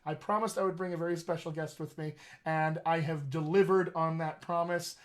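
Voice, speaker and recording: A man's voice: fairly high pitch, fairly even intonation, a little fast. A man who is a dialect coach, hosting a casual, joking livestream over a video call. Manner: chatty, joking, upbeat. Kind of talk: casual livestream talk to viewers.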